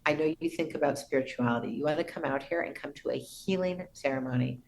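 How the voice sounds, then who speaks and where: Low gravelly woman telling a reverent story. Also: fast, poor audio. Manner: earnest, reverent storytelling with soft restarts. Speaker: guest. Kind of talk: storytelling in a podcast interview.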